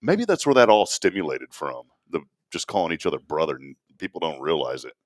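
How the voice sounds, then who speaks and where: Man, middle-aged, storytelling co-host, swooping pitch, dry studio sound. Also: a little fast, dry recording. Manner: animated storyteller, laughs often. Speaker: radio show co-host. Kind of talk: casual chat.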